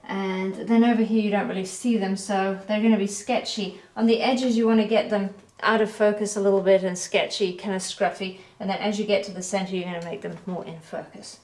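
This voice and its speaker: Woman talking thru a painting critique, easygoing, middle pitch, bit of room echo. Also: a little fast, few pauses. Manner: relaxed, chatty, self-correcting. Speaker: art teacher. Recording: echoey room.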